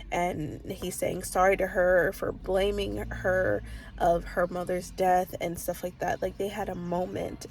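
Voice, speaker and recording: A woman's voice: on the low side, vocal fry, a little hiss or hum. A woman chatting casually in a book vlog, rambling with lots of fillers and restarts, openly emotional. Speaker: book vlogger. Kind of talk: casual reading vlog chat. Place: parked car.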